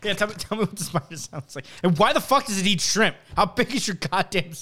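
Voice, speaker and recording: A man co-hosting a casual podcast, telling animated stories and swearing freely. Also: high voice, quick pace, slight background noise. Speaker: podcast co-host. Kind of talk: casual chat.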